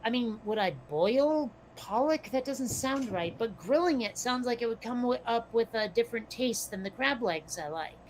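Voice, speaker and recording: A woman chatting casually as a podcast co-host, slightly hoarse from losing her voice, musing and questioning herself as she talks. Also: on the high side, lively intonation, normal speed, hardly any pauses, slight background noise. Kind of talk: casual chat.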